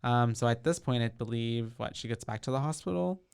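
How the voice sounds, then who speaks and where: A man's voice: medium pitch, a little fast, vocal fry, a little mellow, smooth. A man co-hosting a podcast, casually retelling a horror film scene with many fillers. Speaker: podcast co-host.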